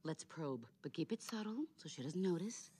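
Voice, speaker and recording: An actress voicing a scheming, exasperated female emotion in an animated film. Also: deep voice, normal speed, husky. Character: female emotion leading a mother's mind.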